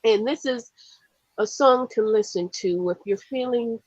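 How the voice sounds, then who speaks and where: Female co-host, unhurried and melodic, dry and slightly muffled sound. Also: on the high side, darkish tone, no room sound. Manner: unhurried, brief agreeing replies. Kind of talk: casual radio chat about music.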